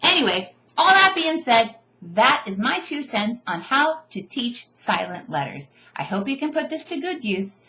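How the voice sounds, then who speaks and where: A woman teacher casually explaining how she teaches silent letters, chatty and animated with playful asides. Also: a little high, moderate pace, few pauses. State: tired. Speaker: teacher giving teaching tips. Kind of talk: casual instructional video.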